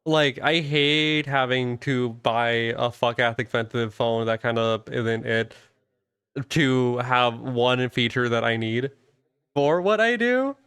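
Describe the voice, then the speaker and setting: A man's voice: mid-range voice, slow, a bit bright, clear, resonant tone, dry recording. A young man hosting a casual live stream as a VTuber, rambling loosely and swearing often.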